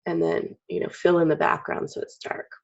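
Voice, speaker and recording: Casting: low, husky woman teacher, frog in her throat, chatty and clearing her throat; dull lo-fi recording. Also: little pitch movement, moderate pace. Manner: chatty, clears throat often, acts out expressions. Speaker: drawing teacher. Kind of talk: casual drawing tutorial.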